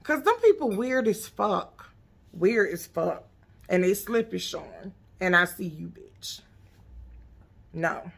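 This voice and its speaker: A woman's voice: mid-range voice, lively intonation, unhurried, vocal fry. A woman casually recapping a reality TV episode, blunt, profane and sassy.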